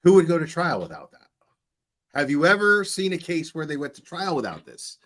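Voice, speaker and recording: A man's voice: a little high, big pitch swings, a little fast, fairly bright tone. Blunt, profane male commentator. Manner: blunt and profane, repeats points heatedly. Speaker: commentary channel host. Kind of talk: reaction commentary.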